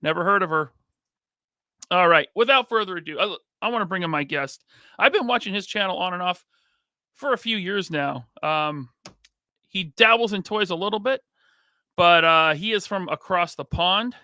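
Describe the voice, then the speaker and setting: A man's voice: high voice, expressive, bright, forceful tone, no echo, clean studio sound. A man hosting a live podcast, greeting chat members by name in a casual, upbeat way. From United States. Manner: reads out chat names with quick greetings. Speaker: podcast host.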